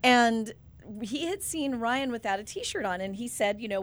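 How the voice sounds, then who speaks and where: Lively woman radio co-host telling stories. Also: fairly high pitch, moderate pace, dry recording. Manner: animated storyteller, laughs often. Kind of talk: casual radio chat reading listener posts.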